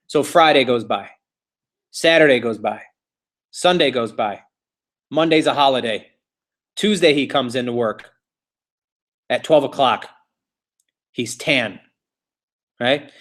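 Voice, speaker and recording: A man's voice: medium pitch, takes it slowly, pauses often, fairly bright tone. A man teaching a real estate class, telling a story in a casual, chatty, repetitive way.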